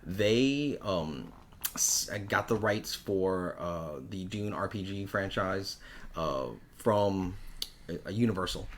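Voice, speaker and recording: A man's voice: deep voice, slow pace, a little hiss or hum. A man co-hosting a game shop's live show, talking up new products in enthusiastic casual chat and laughing often. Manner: enthusiastic, laughs often, loses his words. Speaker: co-host of a game shop show. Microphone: livestream.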